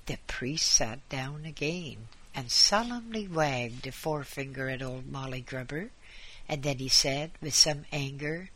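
A man narrates a story aloud in a measured, dramatic manner. His voice is bright and breathy, and he takes his time over each line. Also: mid-range voice. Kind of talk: story reading.

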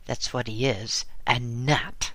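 A man voicing a blustering truck driver who mocks and shouts in exasperation, pitching his voice up. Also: steady tone, slow, dry recording. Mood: exasperated. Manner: loud, exasperated, fumbling for words.

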